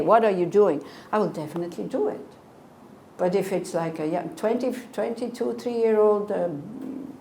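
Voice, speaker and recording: A woman's voice: fairly high pitch, a little mellow. A woman in her sixties, a Buddhist teacher, giving a conversational dharma talk and answering questions with earnest rhetorical asides. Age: 60s. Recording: echoey room, faint noise.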